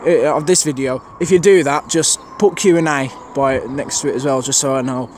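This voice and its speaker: A man's voice: mid-range voice, a little fast, a little hiss or hum. A man filming trains on an outdoor station platform, giving a rambling, casual commentary full of fillers to his camera mic. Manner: chatty, rambling, thinks aloud with many fillers.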